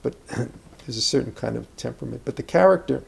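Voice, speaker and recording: A man's voice: medium pitch, expressive, fairly quick, gravelly, breathy edge. An older man, an acting teacher, speaking reflectively about character in a conversational interview, rambling with asides and restarts.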